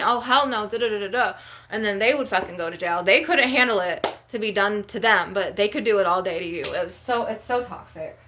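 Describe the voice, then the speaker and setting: A woman's voice: medium pitch, sharp tone, a little hiss or hum. A woman venting in a vlog, anxious and stressed, rambling and swearing often. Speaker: spiritual vlogger.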